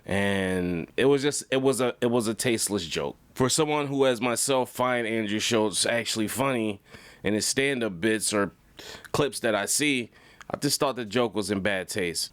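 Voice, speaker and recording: Blunt man with a smooth, dry voice. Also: fairly low pitch, moderate pace, no echo. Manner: blunt, conversational, repeats himself for emphasis. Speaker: commentary channel host. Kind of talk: reaction commentary.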